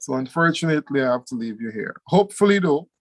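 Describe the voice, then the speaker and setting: A man teaching an online exam review class, animated, repeating key words and laughing easily. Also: mid-range voice, fast talker.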